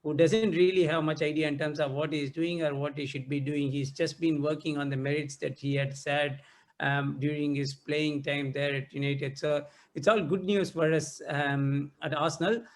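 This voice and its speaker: Man, slightly high voice, fan podcast co-host, halting delivery. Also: fairly even intonation. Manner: hesitant, many "um" pauses. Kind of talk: casual football chat.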